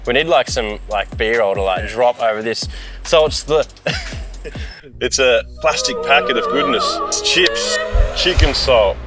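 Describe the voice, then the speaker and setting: A man's voice: mid-range voice, animated, unhurried, music in the background. Laid-back Australian man hosting a car vlog. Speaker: host. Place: inside a car.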